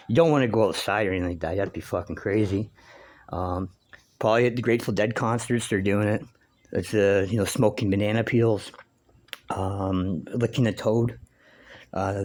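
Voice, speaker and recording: Male vlogger, lowish voice, loose profane rambling monologue, heavy on fillers. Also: a little mellow.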